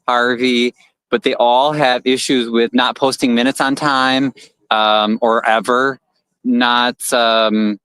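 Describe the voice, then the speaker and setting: A man's voice: mid-range voice, fairly bright tone, clean tone, dry recording, low-quality recording. Curious male livestream host, dry sound. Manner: quick, curious questioning with filler words. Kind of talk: livestream interview.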